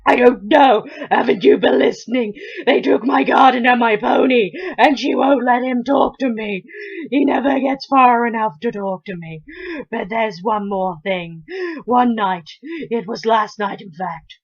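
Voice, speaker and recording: A woman voicing a miserable young boy in a parody storybook reading, loud and whining on the edge of tears. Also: mid-range voice, slow pace. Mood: ranting. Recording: dull lo-fi recording.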